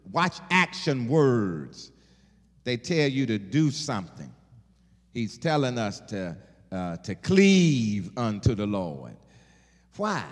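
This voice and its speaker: A man preaching a sermon, animated, with call-and-response and laughing asides. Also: medium pitch, a little slow. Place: church sanctuary. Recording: long hall reverb.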